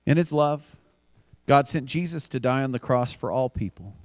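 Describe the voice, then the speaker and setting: A man's voice: mid-range voice, moderate pace, dry recording. Earnest male pastor preaching. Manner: earnest, rising to emphatic repeated refrains. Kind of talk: sermon. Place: church.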